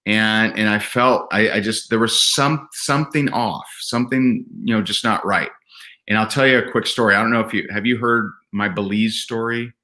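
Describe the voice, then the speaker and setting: A man telling personal stories as a podcast guest, earnest and animated, often restarting his sentences. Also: fairly low pitch, moderate pace. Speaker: podcast guest, event speaker. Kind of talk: candid conversational storytelling.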